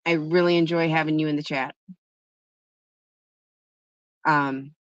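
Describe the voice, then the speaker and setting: A woman's voice: deep voice, fairly even intonation, fairly quick, no room sound. A woman hosting a live stream, chatting with viewers and telling a story in a casual, talkative way. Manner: chatty storytelling, answering chat. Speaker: livestream host. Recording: dull lo-fi, dry sound.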